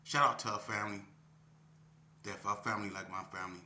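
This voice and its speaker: A man in his fifties talking casually to the camera. He is reflective and unhurried, peppers his talk with "man," and speaks to viewers as y'all. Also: fairly low pitch, flat delivery, pushed and bright, echoey room. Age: 50s. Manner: reflective, drawn-out, often ends phrases with "man" and addresses viewers as y'all. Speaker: vlogger.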